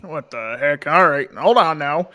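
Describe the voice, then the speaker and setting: A man's voice: on the high side, animated, a little slow, bright, forceful tone. A man voicing a harried, impatient middle-aged farmer in a tabletop game. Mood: exasperated. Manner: impatient, bossy.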